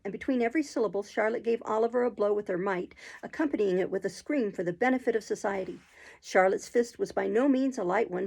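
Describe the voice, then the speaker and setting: A woman narrating a classic novel aloud, expressive, now and then clearing her throat. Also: medium pitch, low-quality recording.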